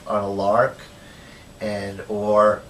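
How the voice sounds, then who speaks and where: Extremely slow and monotone, this man's lowish, somewhat bright voice carries a documentary interview in which he, an activist, rambles casually through his story. He fills it with "you know" and acts out what people said, heard via a distant mic with faint ambient noise.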